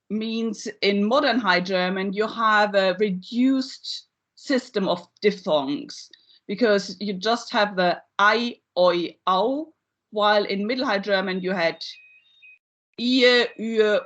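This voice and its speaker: A woman giving a university lecture in a measured way, with frequent ums and uhs. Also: medium pitch, fairly bright tone. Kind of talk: academic lecture. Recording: slightly dull lo-fi recording.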